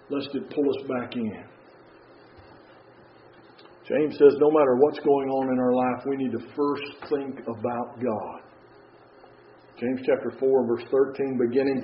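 Brief: earnest male preacher, slightly higher voice, roomy muffled recording. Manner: earnest, reads scripture aloud, stresses urgency. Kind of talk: sermon. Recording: roomy, dull, faint background hum.

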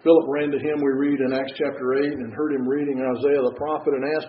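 A man's voice: medium pitch, flat delivery, fast talker, few pauses. A man preaching an earnest sermon, reading scripture aloud and stressing urgency. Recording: roomy, dull, faint background hum.

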